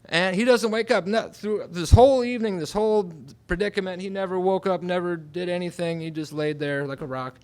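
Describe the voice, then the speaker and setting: A man telling a personal story at a live storytelling night in a restaurant, swinging dramatically between hushed and loud. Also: high-pitched, steady tone, fairly quick, few pauses.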